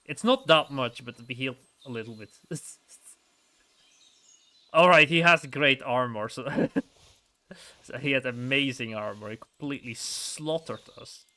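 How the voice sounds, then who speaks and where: Bright-voiced man rambling over gameplay. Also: medium pitch, a little slow, pauses often. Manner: rambling, chuckles often, many restarts. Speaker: gamer playing a story game. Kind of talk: casual let's-play commentary.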